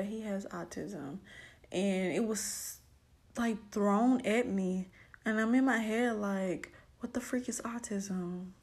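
Young mom talking about raising her kid alone, gets emotional, acts out what she was thinking. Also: medium pitch. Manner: emotional, animated reenactments of her own thoughts. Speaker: single mother and autism advocate. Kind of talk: personal testimonial.

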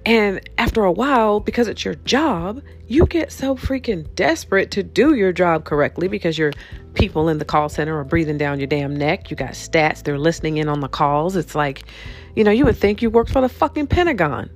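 Woman podcast host, low voice, salty comic rant, soft music underneath. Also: expressive, brisk. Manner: candid, profane, laughing often. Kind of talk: comedic storytelling rant.

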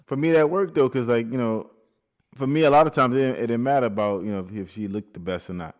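A man's voice: mid-range voice, fast talker. A man co-hosting a podcast in casual chat, laid back and reflective. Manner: laid-back, talks it through with fillers. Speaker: podcast co-host.

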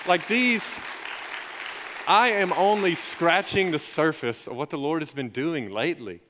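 A young man preaching as a youth pastor, telling stories in a lively, rising way. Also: a little high, a little slow, crowd noise, background noise. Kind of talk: sermon. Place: church sanctuary. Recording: long hall reverb.

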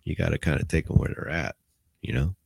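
A man's voice: sits low, animated, quick pace, vocal fry, a little mellow, husky, dry recording. A man hosting a podcast, telling a prison story in a laid-back, profane way with bits of Spanish. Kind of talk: casual storytelling.

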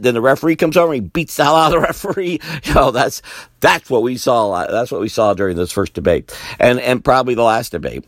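A gravelly older man talks through a solo podcast, his pitch leaping up and dropping low as he rambles and repeats himself. His voice sounds tired and worn, and the recording is dry and close. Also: dry recording. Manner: rambling, repeats himself, sighs and laughs wearily. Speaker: podcast host. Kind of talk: solo political commentary.

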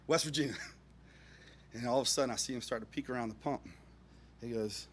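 A man telling a funny personal anecdote, expressive, dropping into hushed asides and rising to near-shouts, chuckling as he goes. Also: mid-range voice, normal speed, long pauses, slight background noise. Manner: chuckles through his own story. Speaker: storyteller.

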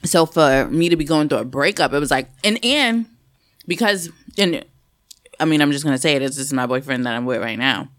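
A mid-pitched voice recorded dry and close, with no room sound. The speaker shares candid personal stories in a chatty, reflective way during a casual podcast conversation. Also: animated, a little fast, a bit bright, dry recording.

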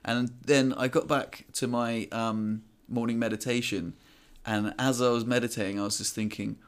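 A man's voice: mid-range voice, little pitch movement, normal speed, clean tone. A man co-hosting a podcast, telling a self-mocking anecdote in casual chat. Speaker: podcast co-host. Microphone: headphones on, podcast mic.

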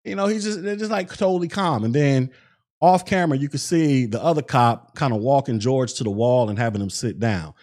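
A man hosts his podcast, walking through events in a loose, conversational way. His voice sits at an ordinary middle pitch, and he leans on fillers and acts out bits of what people said. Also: fairly quick, a little mellow. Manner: conversational, recounts events with many fillers and acted-out quotes. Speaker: podcast host. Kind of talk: casual commentary.

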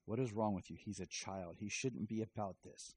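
Brief: earnest grown superhero, read by a man, deep and mellow, slightly husky. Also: moderate pace. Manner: casual paraphrased retelling. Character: earnest adult male superhero.

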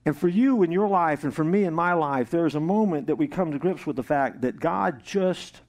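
A man's voice: on the high side, normal speed. A male pastor preaching a sermon to a congregation, telling a joke with acted-out voices. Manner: animated storytelling, jokes and acted-out voices. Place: church service with congregation.

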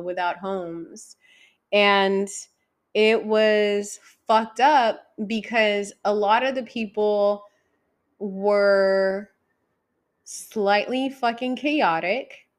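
A woman in the middle of her pitch range, telling stories in a loose, unfiltered way. She swears freely and swings from loud bursts to soft, trailing asides. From San Diego area. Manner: frank, profane, animated, jumps between loud outbursts and quiet asides. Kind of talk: casual storytelling monologue.

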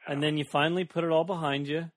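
A man's voice: a little high, fairly even intonation, fast, slight background noise. A man co-hosting a podcast, explaining things steadily from his own experience. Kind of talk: casual chat.

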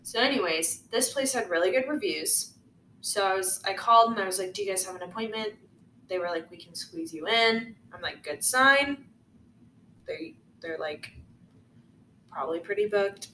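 Young woman, podcast co-host, chatty, animated storytelling, roomy sound. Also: medium pitch. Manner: chatty, lots of "like", animated retelling. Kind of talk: casual chat, storytelling. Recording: echoey room, faint noise.

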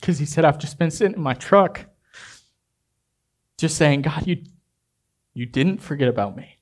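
A man preaching a sermon as a pastor, telling a story in a hushed, intimate way and rising to emphatic exhortation. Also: on the high side, animated, normal speed.

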